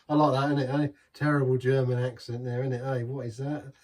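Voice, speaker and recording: A man's voice: medium pitch, level tone, fairly quick, few pauses, a little mellow, far from the mic. An English man hosting a casual beer review, rambling and waffling with chuckling asides. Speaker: beer reviewer, channel host.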